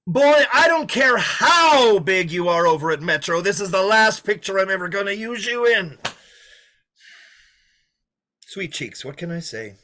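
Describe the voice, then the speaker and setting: An actor playing a menacing drifter who taunts his hostages, swinging from loud mockery to hushed threats, in a play reading. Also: high-pitched, sing-song, unhurried, full character voice. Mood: taunting. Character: menacing, sneering drifter holding a diner hostage. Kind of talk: play read over a video call.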